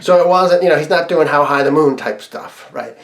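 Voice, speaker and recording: A man recounts a personal story in a loose, chatty way. His voice sits a little high for a man. He laughs often and trips over his own sentences. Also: moderate pace. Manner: chatty, laughs often, frequent restarts and fillers. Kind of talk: casual anecdote.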